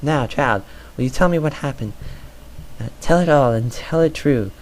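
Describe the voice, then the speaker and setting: A man voicing a gruff, irritable king who speaks in blunt, barking commands in a storybook reading. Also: medium pitch, normal speed, a little hiss or hum, close to an everyday voice. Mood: stern.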